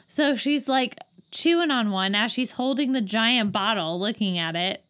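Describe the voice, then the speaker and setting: A woman with a somewhat high voice co-hosts a casual podcast, retelling a movie scene with animated disbelief. Her talk is chatty and exasperated, full of quick asides. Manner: exasperated, incredulous, animated storytelling. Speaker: podcast co-host. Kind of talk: casual movie recap chat.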